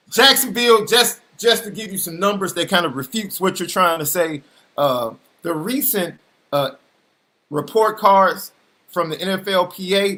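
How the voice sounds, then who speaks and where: Bright, animated male podcast co-host. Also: a little high. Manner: animated, teasing, laughs often, repeats himself. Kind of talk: casual sports banter.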